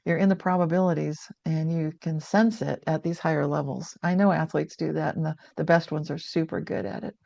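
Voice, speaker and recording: A woman's voice: deep voice, fairly even intonation, a little fast, vocal fry, few pauses, darkish tone, dry recording. An older woman telling a personal story as a guest author, earnest and reflective, often restarting her sentences. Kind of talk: conversational storytelling. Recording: dull lo-fi sound.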